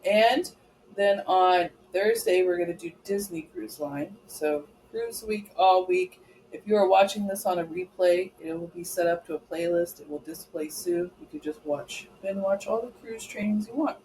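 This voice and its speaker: Casual live training host, mid-pitched voice, talks viewers through screens step by step. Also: normal speed, darkish tone, slight background noise, rough recording. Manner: casual and chatty, checking in with "okay?". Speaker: travel advisor trainer.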